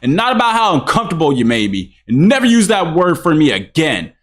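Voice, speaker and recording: A woman playing an offended young woman in a scripted skit, speaking in a measured, lecturing way. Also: deep voice, sing-song. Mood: cold. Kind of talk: scripted drama dialogue.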